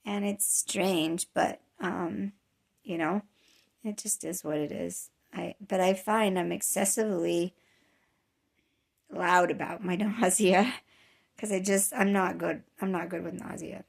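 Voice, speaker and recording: Woman, 30s, casual vlogger, slightly gravelly tone, weary and rambling. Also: fairly low pitch, fairly even intonation, unhurried. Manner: rambling, candid, many fillers and restarts. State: weary from chronic nausea. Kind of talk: casual personal vlog.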